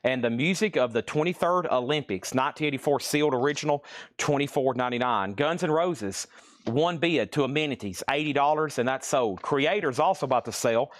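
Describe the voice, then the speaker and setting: A man hosting a live record sale, briskly rattling off titles and prices, and he is out of breath. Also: medium pitch, no echo, clean studio sound. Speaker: host selling vinyl records live. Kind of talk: live auction calling.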